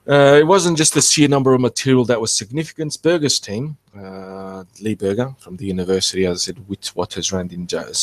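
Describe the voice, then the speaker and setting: A man hosting an archaeology channel, talking through fossil features in a rambling, halting, self-correcting way. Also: fairly low pitch. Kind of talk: casual explanatory commentary.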